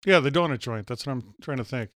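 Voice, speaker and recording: A man's voice: medium pitch, fast, fairly bright tone, no room sound, clean studio sound. A man co-hosting a podcast, chatting casually and teasing his co-host with quips. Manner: teasing, quips and song lines. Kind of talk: casual chat. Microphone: podcast mic.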